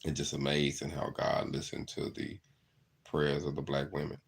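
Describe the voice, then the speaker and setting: A man's voice: extremely low pitch, monotone, normal speed, gravelly, breathy edge. A middle-aged man, earnestly telling stories in a reflective monologue. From southeast Arkansas. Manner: earnest, storytelling, repeats "you know". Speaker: channel host.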